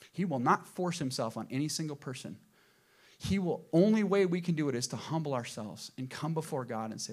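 A man preaching a sermon as pastor in a church, swinging between loud emphatic bursts and soft low asides, asking the congregation questions. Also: a little fast, breathy edge. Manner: asks the congregation rhetorical questions.

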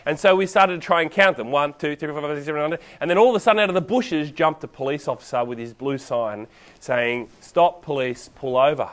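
A man preaching a sermon in a casual, animated storytelling way. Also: on the high side, fast.

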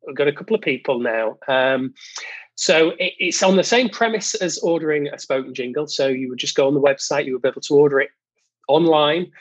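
A man with a touch of huskiness talks about his business in a relaxed interview. His delivery is modest and halting, full of ums and restarts. The recording is dry, with no room sound. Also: fairly high pitch, dry recording, lo-fi sound. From United Kingdom. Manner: hesitant, many ums, modest. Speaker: guest, jingle company owner. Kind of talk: casual interview chat.

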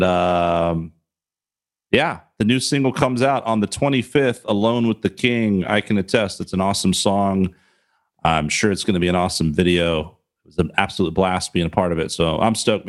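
Laid-back male podcast host, lowish voice, playful, swears casually.

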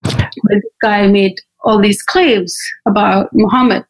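A young woman from Pakistan telling her personal story in an interview, candid and animated, acting out what people said. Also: medium pitch, measured pace, rough recording. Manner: candid, animated, acts out quotes. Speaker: interview guest.

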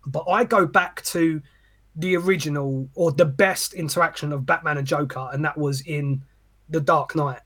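A man ranting on a podcast with an animated, sweary delivery. His voice sits a little high and has a husky edge. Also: normal speed. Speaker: podcast co-host. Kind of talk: casual chat.

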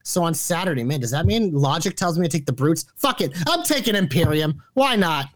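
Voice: medium pitch, very animated, brisk. A podcast co-host going through a list of picks in casual chat, blunt, indecisive and swearing often.

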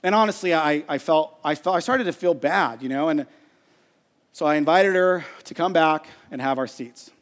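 A middle-aged pastor preaches from the stage, his voice sitting high for a man. He tells an animated, self-deprecating story. The sound trails off in the long reverb of a large hall. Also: normal speed. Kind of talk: storytelling sermon. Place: church stage.

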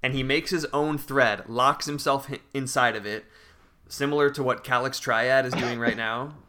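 A man's voice: medium pitch, steady tone, moderate pace, noisy background. A man casually telling a long internet story on a podcast, reading forum posts aloud. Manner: reads forum posts aloud, breaking into laughter.

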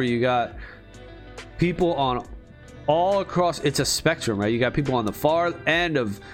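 A man ranting casually in a profane, rambling, emphatic way. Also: medium pitch. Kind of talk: casual rant.

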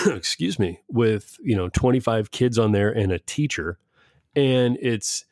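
A middle-aged father talks casually about schooling, rambling with frequent restarts and laughs. His voice sits on the low side, expressive and a little slow, captured in a dry, clean studio recording.

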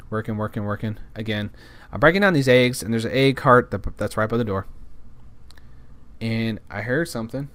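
A man's voice: mid-range voice, fairly bright tone, no echo. Rambling man telling a work story. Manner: rambling, repeats words, swears and apologizes. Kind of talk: casual storytime monologue.

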